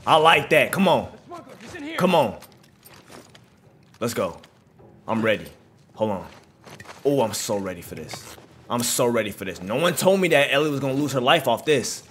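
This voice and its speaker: A man's voice: mid-range voice, very animated, moderate pace, long pauses, a bit bright, a little hiss or hum. A man giving live, slangy reaction commentary while playing a video game, trash-talking the enemies. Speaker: gaming channel host.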